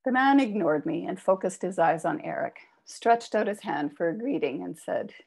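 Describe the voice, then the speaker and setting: A woman author reading a personal memoir aloud with expressive delivery. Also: on the low side, moderate pace, gravelly, slightly rough. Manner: expressive reading, raises voice for quoted shouts. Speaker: author reading her work.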